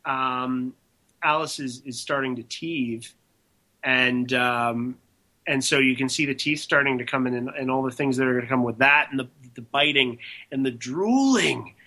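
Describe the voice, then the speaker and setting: A young man hosting a podcast, asking questions in a chatty way with quick bursts and filler words. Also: mid-range voice, sharp tone. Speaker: podcast host. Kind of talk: casual interview chat.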